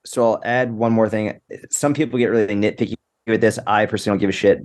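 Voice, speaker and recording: A man's voice: fairly low pitch, steady tone, quick pace, a little mellow. A young man co-hosting a fitness podcast in casual chat, laid-back, cursing offhandedly and restarting his sentences. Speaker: podcast co-host.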